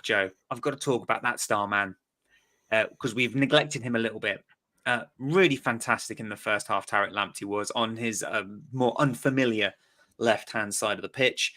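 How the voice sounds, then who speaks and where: A man's voice: medium pitch, bright, forceful tone. A man from England hosting a casual football podcast, reading out listener comments with enthusiasm. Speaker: podcast host.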